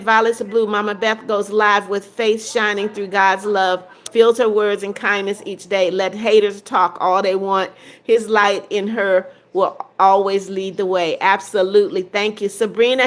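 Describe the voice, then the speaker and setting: Older lady in her 70s chatting with her live viewers, reading comments out, a bit higher voice. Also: a bit bright. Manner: friendly, greets viewers by name. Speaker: livestream host. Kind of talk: casual livestream chat, reading comments aloud.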